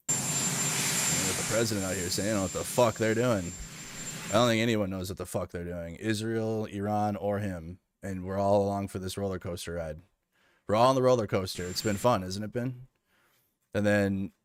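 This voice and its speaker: A man's voice: sits low, no room sound, clean studio sound. A man giving casual, sarcastic reaction commentary on political news, rambling with frequent restarts.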